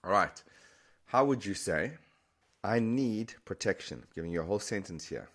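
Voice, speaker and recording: A man explaining a language lesson, patiently repeating words slowly for the learner. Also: on the low side, animated, fairly bright tone. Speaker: Spanish teacher.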